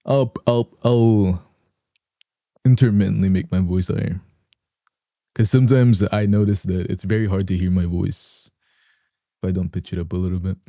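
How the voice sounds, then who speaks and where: A young man chatting casually with viewers on a live stream, clearing a morning voice from his throat. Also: deep voice, little pitch movement, fairly quick, mellow, no room sound, clean studio sound. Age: young adult.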